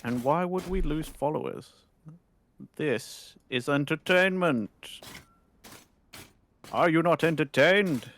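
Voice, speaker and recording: A man's voice: on the high side, slow, long pauses, a bit bright. A man co-streaming, laid-back and joking in casual gaming chat. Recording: hissy stream audio, spray noise.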